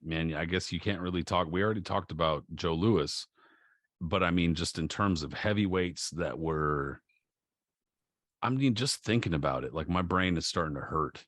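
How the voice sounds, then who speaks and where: A man's voice: low-pitched, normal speed, fairly bright tone, no room sound, studio quality. A man co-hosting a casual podcast, speaking in a laid-back, slangy way. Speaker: podcast co-host. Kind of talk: casual chat.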